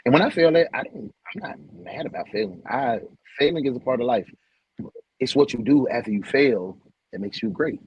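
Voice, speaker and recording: A man hosting a casual livestream, heartfelt and repetitive, shouting out viewers by name. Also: mid-range voice, animated, fairly quick, husky, dull audio. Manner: heartfelt, preachy, repeats phrases. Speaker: livestream host.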